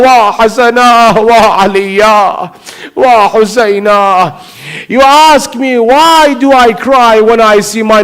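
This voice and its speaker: A male preacher gives a mourning sermon in an emotive, repetitive storytelling manner. His voice is very high for a man and smooth. He speaks very slowly. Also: poor audio.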